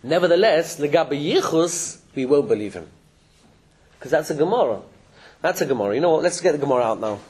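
Male religious teacher lecturing a room of listeners, high and lively voice, chuckles and restarts often. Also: a little fast. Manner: animated, chuckling, with frequent restarts. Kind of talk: lecture to a live class. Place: classroom with listeners.

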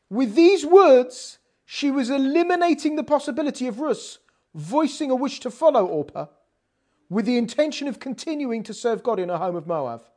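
A woman teaching a scripture lesson in a chatty, conversational way. Her voice sits a bit high and swings widely as she explains, and she plays out the quoted dialogue with some sass. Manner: animated, acts out quoted lines with sass. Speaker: Bible teacher.

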